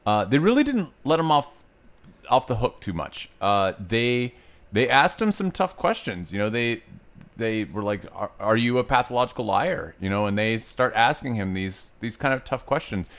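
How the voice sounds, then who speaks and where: A male podcast co-host with a fairly low voice, talking casually about movies. He is blunt and outspoken and does not hold back on swearing. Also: very animated, moderate pace, a bit bright. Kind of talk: casual movie-review chat.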